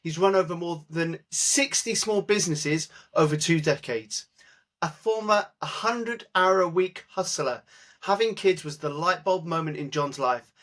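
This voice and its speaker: Higher-voiced man, upbeat podcast host. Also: fairly bright tone. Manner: upbeat, playful, self-mocking. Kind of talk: podcast intro and interview.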